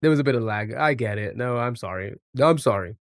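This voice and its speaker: A man's voice: mid-range voice, quick pace, no echo, studio quality. A man streaming a guessing game, thinking aloud in a rambling way full of restarts and fillers. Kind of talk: casual live-stream commentary.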